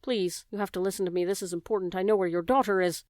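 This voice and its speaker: A woman's voice: medium pitch, steady tone, fast talker, darkish tone, no echo, studio quality, close to an everyday voice. A woman voicing a small, brave young male mouse who speaks earnestly and firmly in a storybook reading. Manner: earnest, firm.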